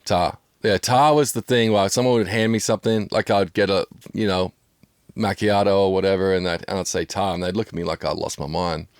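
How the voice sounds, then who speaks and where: Low-voiced Australian man, dry sound. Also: steady tone, fairly quick, no room sound. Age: 50s. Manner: laid-back, joking, rattles off slang. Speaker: drummer guest. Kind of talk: casual podcast chat.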